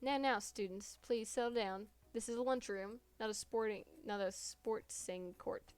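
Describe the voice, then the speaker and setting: A woman streamer voicing a fussy male dog teacher in a game, reading slowly and a bit lower. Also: lightly acted. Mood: scolding.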